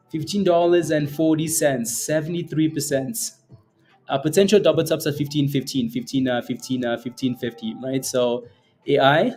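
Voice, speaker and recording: A man's voice: on the high side, darkish tone. A man hosting a live day-trading stream, chatting casually with viewers, playful and laughing often while reading the chat. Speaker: day-trading livestream host.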